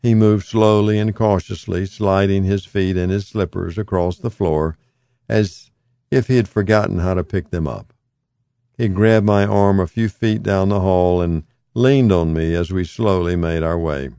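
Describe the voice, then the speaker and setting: Calm low-voiced male memoir narrator. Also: clean tone, no room sound, studio quality. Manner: calm, measured storytelling. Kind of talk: first-person audiobook memoir narration.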